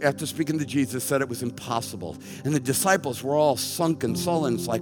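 A man's voice: mid-range voice, fast, hardly any pauses. A middle-aged man preaching a sermon as pastor, emphatic and conversational, with wry self-deprecating asides. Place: church sanctuary. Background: soft music underneath.

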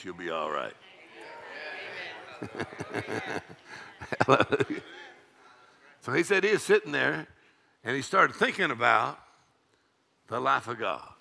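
A middle-aged man preaching a charismatic sermon, breaking into loud shouts and rhythmic laughter. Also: medium pitch, creaky.

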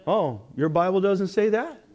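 A male pastor preaching with a voice that sits a touch high. He takes his time, leaning on emphatic exclamations and then dropping to hushed, intimate remarks. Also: measured pace. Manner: animated preaching, swinging from loud exclamations to hushed asides. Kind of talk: sermon.

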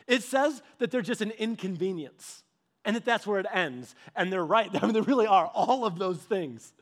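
Animated high-voiced male preacher. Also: normal speed. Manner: animated, acts out little dialogues; conversational, with casual fillers. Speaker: pastor. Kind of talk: sermon.

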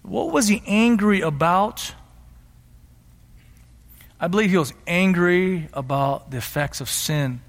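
A man's voice: sits high, takes it slowly, pauses often. A middle-aged man preaching a sermon as pastor, teaching earnestly and building to emphatic passion. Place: church sanctuary. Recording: long hall reverb.

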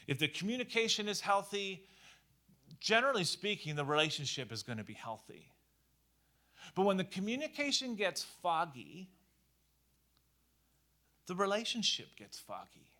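Man, pastor, conversational sermon, bright forceful tone, slightly higher voice. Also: moderate pace, pauses often. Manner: conversational, animated, frequent "like" fillers.

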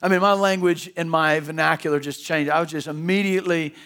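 Preaching in a church, this pastor speaks fairly quickly with fairly even intonation, his voice a little high and a bit bright. His sermon is conversational and emphatic, full of restarts and repeated words.

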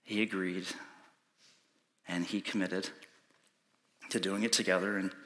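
A man preaching a sermon, telling a personal story with urgency, sometimes hushed and sometimes pleading. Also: deep voice, flat delivery, measured pace. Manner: urgent pleading, rising to shouting in reenacted moments; soft and hushed when recounting prayer. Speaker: pastor.

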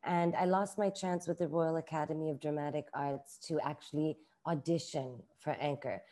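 A woman's voice: low-pitched, fairly even intonation, normal speed, dark tone. A middle-aged woman, an author and publisher, talking casually in an interview with many filler words. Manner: chatty, uses many "like" fillers.

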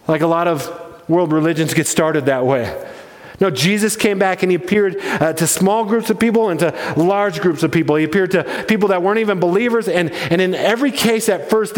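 A man preaching a sermon as pastor. He talks emphatically and slows down to stress key points. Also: sits high. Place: church. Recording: reverberant church hall.

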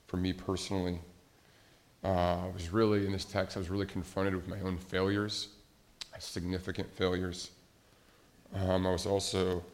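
Creaky-voiced man preaching a sermon. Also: sits low. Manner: conversational, hesitant with many fillers. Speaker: pastor.

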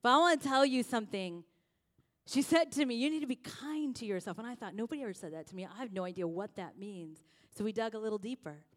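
A woman pastor preaching a sermon, telling stories with lively swings from hushed lines to loud ones. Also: a little high, fast.

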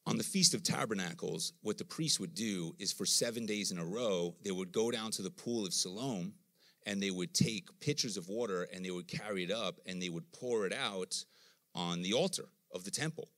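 This sermon comes from a middle-aged man with a low voice speaking at normal speed. His storytelling is lively, and he gives each quoted speaker their own acted-out voice.

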